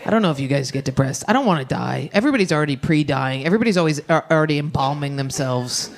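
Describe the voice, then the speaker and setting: A woman performing a brash, fast stand-up set, talking with the crowd on a club stage. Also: deep voice, animated. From United States. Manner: brash, rapid, often shouting and laughing. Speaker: stand-up comedian. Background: audience laughter.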